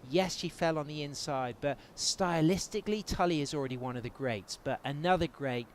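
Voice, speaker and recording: A man's voice: a little high, brisk, a little hiss or hum. A man with an English accent doing live play-by-play commentary on a surfing contest. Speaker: surf commentator.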